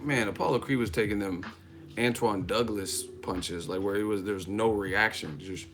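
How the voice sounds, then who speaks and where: A man's voice: fairly low pitch, moderate pace, fairly bright tone, a little hiss or hum. A man from Northern California hosting a boxing livestream, talking casually, joking and rambling with frequent laughs. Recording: music playing behind.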